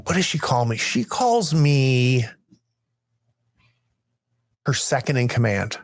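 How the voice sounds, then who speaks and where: A man talking in character during a storytelling game, musing aloud in a wry, rambling way. His voice is mid-pitched and sits dry and close, with no room sound. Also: very animated, slow, dry recording. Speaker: game player.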